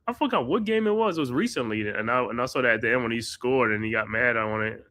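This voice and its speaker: A man's voice: mid-range voice, lively intonation, fast talker, bright, forceful tone, no echo. A man hosting a live watch-party podcast, doing casual play-by-play with slangy chat and laughs. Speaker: podcast host calling the game.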